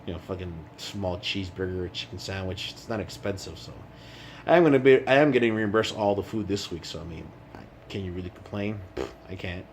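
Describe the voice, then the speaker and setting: A low-pitched man rambles through a casual video diary, swearing freely as he talks. A faint hiss sits under his voice. He is indoors at night, away from home for work. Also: fairly quick. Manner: rambling and profane. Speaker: vlogger. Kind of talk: casual vlog chat.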